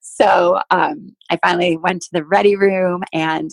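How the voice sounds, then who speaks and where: A woman in her forties, a former athlete guest, telling stories in a casual interview, animated and laughing often as she acts out what people said. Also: fairly low pitch, a little slow, creaky, no echo. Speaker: podcast guest, former Olympic swimmer.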